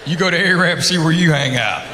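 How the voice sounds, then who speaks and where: Performing stand-up at a live comedy venue, a man with a Southern US accent and a slightly high voice tells stories animatedly, drawing out his vowels and acting out characters. The roomy hall carries audience noise and crowd laughter.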